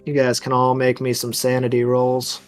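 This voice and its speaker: A man's voice: medium pitch, completely flat delivery, moderate pace, soft background music. A man narrating a tabletop horror game as game master, describing scenes cinematically.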